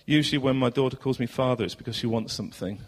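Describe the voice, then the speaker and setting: A man with a southern English accent preaching a sermon as pastor in a church, earnest, asking rhetorical questions and moving between loud and hushed passages. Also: mid-range voice, fast, breathy edge. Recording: long hall reverb.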